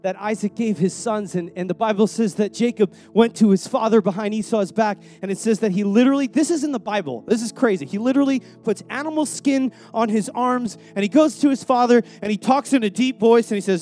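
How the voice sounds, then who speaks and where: Young guy preaching, high voice but mellow, casual and slangy, faint music behind. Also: fairly quick. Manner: conversational, repeats words, slangy. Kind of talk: sermon.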